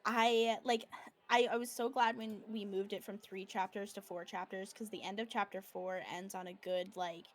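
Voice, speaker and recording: A woman who writes fan fiction appears as a guest on a casual live stream, bubbly, laughing often and filling her speech with fillers. Her voice is medium-pitched, steady in tone and at normal speed.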